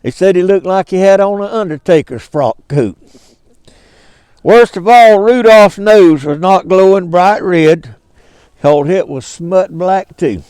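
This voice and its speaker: Slow, high-voiced older Southern storyteller. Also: male voice, a little mellow, clean tone, no echo. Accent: Southern US, Georgia. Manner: homespun drawl, chuckling asides. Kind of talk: folksy storybook reading.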